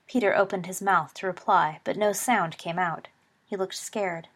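Woman narrator, storybook reading, expressive. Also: lowish voice, moderate pace.

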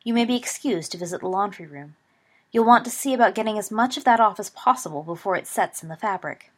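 A woman's voice: medium pitch, animated, fast talker, natural voice. A woman voicing a stern, formal older female professor in a storybook reading. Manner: clipped, formal.

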